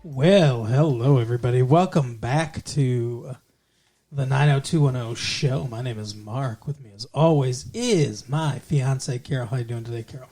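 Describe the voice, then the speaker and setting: A man's voice: mid-range voice, unhurried, dark tone, faint music behind. A man co-hosting a podcast in casual chat, joking and rambling. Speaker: podcast co-host.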